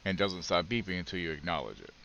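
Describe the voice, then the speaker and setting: Deep-voiced man streaming a game, swearing casually. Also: fast talker, gravelly, lo-fi sound, slight background noise. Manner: relaxed, rambling, swears freely. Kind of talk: casual live gameplay chat.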